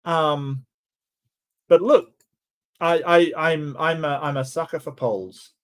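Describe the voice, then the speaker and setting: A man's voice: fairly high pitch, slow pace. Sarcastic man hosting a commentary stream. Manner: animated, sarcastic, laughing asides. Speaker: host reviewing a debate. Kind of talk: casual commentary.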